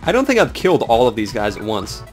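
A man's voice: mid-range voice, huge pitch swings, quick pace, darkish tone, faint music behind. An American man joking his way through casual video game commentary. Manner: joking, self-mocking. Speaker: let's play commentator.

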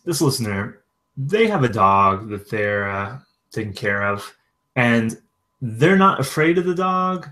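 A man's voice: mid-range voice, big pitch swings, unhurried, pushed and bright. Podcast host man asking questions. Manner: reads out listener questions, hesitant fillers. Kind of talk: interview questions.

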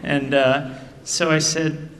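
A middle-aged man, an author speaking at a book event, reading aloud in measured tones and then telling a casual story full of fillers. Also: fairly high pitch, level tone, fairly bright tone, a little hiss or hum. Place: theater stage. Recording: distant mic in a reverberant theater hall.

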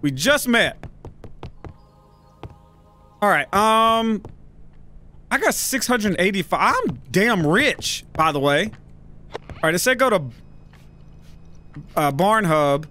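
A man's voice: high voice, animated, takes it slowly, long pauses, bright, forceful tone, faint music behind. A young adult American man giving profane, joking commentary as he plays a video game and reads game text aloud. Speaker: gaming YouTuber.

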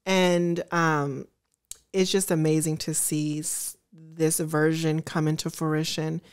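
A woman's voice: low voice, flat delivery, slow, smooth. A woman giving casual reaction commentary to her viewers, chatty and earnest, openly emotional and gushing. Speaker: trailer reaction vlogger.

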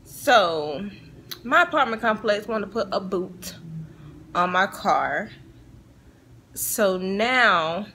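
Young woman, vlogger, casual chat, frank, animated, mid pitch, faint noise. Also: slow, pauses often. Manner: frank, animated, chatty with slang. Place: in a car.

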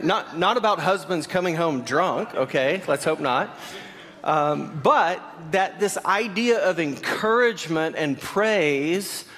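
A man's voice: high-pitched, fairly bright tone. A male pastor preaching a sermon in a church, telling stories in a conversational way with many fillers and questions to the congregation. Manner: conversational storytelling, many fillers, asks the audience. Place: church sanctuary. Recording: long reverb of a large hall.

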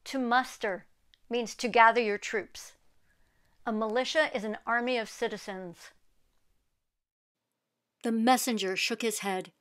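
A woman reading a children's picture book aloud as host, clear and explanatory, asking her young listeners questions. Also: fairly high pitch, unhurried, pauses often. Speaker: teacher-style read-aloud host.

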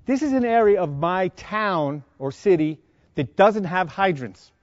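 A middle-aged man with a New York accent, lecturing a class of firefighters and quizzing them with quick questions. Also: sits high, expressive, dry recording. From Long Island, New York. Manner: quizzing the audience with rapid questions. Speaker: fire service instructor. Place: conference lecture room. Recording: dry, dull lo-fi sound.

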